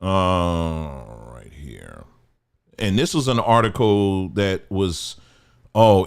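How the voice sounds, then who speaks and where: A man's voice: low voice, clear, resonant tone. A man hosting a livestream, talking emphatically, repeating his points and asking rhetorical questions. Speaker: livestream host. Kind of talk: livestream commentary.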